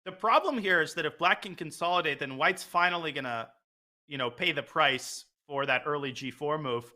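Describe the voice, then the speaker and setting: A man commentating live chess, excitedly calling out moves and lines in quick bursts. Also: a little high. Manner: excitable, calls moves rapid-fire.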